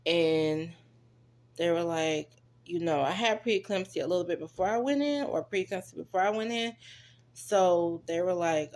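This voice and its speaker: A young woman with a low-pitched voice, telling a story in a loose, chatty way. She talks straight to her viewers and acts out what other people said. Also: normal speed, a little mellow. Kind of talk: casual storytelling to camera.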